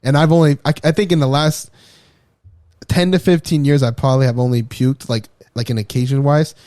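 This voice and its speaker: Animated, profane male podcast storyteller. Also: mid-range voice, brisk, no echo, clean studio sound. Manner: animated, profane storyteller who acts out quotes and laughs often. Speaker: podcast co-host. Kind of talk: casual chat, storytelling.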